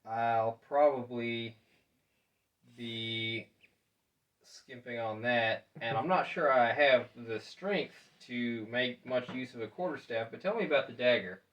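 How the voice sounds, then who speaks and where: A man plays a tabletop role-playing game with a dry, wry manner. His voice sounds distant from the microphone. His pitch sits in the middle range. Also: takes it slowly, a bit bright. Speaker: player.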